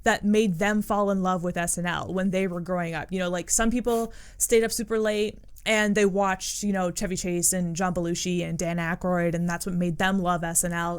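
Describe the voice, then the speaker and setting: A woman's voice: lowish voice, clear, resonant tone. A woman co-hosting a podcast, chatting casually and rambling with lots of fillers. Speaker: podcast co-host. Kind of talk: casual chat.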